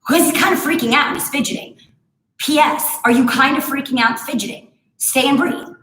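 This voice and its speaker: A woman's voice: high-pitched, brisk, a bit bright, reverberant, poor audio. A woman in her thirties teaching a home barre workout, chatting through stories between exercise cues. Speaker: barre instructor. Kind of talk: live home workout class cueing.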